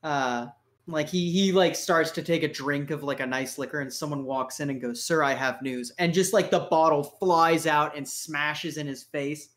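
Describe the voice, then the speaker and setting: A man's voice: on the high side, fairly even intonation, moderate pace, fairly bright tone. A young man narrating a tabletop game as game master, casual and joking with lots of swearing and fillers.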